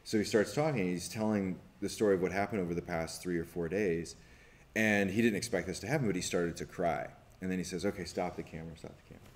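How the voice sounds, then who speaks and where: Speaking low and briskly, a male documentary filmmaker on a festival panel animatedly recounts a story. He acts out the quotes and restarts his sentences many times.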